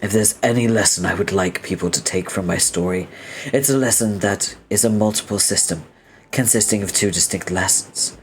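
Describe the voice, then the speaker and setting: A man's voice: low-pitched, a little hiss or hum. A man reading as a prim, long-winded young male troll inventor who talks in a formal, stiffly polite way.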